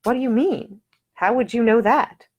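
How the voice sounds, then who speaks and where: A woman's voice: fairly high pitch, normal speed, a little mellow, voice pushed up, close to an everyday voice. Woman voicing a poised, proud young lady. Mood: puzzled.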